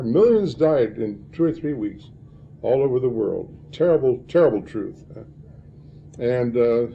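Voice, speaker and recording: An older Midwestern man from northern Illinois addresses a live audience of librarians in a mellow, medium-pitched voice. He rambles through anecdotes, tagging many lines with "huh?". The recording is muffled, with slight background noise.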